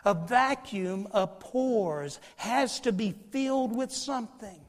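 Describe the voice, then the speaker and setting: A man preaching a sermon, telling a folksy story and swinging between loud and hushed. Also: sits high, slow. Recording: long hall reverb.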